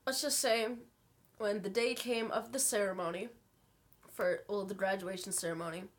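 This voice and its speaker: A young woman talking to her camera in her bedroom, telling an emotional story slowly and haltingly while fighting back tears. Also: mid-range voice, fairly even intonation. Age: young adult. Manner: halting, slow, many pauses and fillers. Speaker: vlogger.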